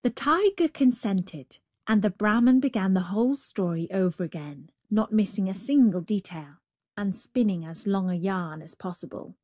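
A woman reading a folk tale aloud in a measured, expressive storybook narration. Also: mid-range voice, no room sound, studio quality.

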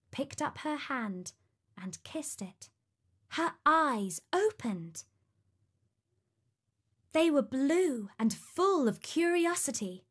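A woman narrating a fairy tale in a storybook reading, with an expressive, unhurried manner. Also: sits high.

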